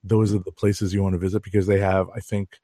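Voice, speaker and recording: A man's voice: sits low, level tone, dark tone, no room sound, clean studio sound. A man co-hosting a comic book podcast, chatting casually and reading an ad. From New York. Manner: chatty, reads ad copy slowly and deliberately. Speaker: podcast co-host. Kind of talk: casual chat.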